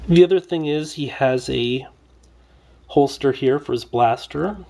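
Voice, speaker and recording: Guy with a gravelly voice doing a laid back toy review, rambly, lots of um and like, kinda gripey. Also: medium pitch, a little slow, warm tone. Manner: rambling, loose, lots of fillers. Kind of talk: casual toy review vlog.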